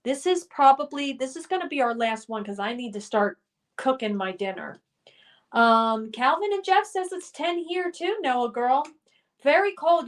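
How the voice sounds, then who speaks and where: Lady streamer reading chat out loud at home, pretty high voice, chatty game host. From Colorado. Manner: reads out chat messages and hosts a guessing game. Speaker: livestream host. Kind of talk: casual livestream chat reading viewer comments.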